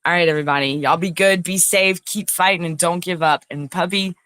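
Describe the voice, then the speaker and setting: A woman's voice: lowish voice, fairly even intonation, brisk, fairly bright tone, smooth, no room sound. Rambling, chatty woman livestream host. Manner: chatty and rambling, greets viewers by name. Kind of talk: casual livestream chat. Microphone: phone.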